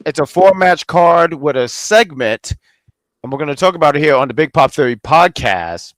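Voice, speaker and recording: A man hosting a casual podcast, lively and jokey, stumbling over his words now and then. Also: fairly high pitch, dry recording. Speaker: podcast host.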